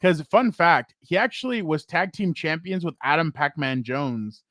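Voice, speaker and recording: A young man co-hosting a sports chat. His voice sits slightly high for a man and jumps higher when he gets worked up or acts out someone else's line. The recording is close and dry. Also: moderate pace, dry recording. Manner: excitable, laughs while retelling stories; acts out other people's lines in a raised voice. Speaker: podcast co-host.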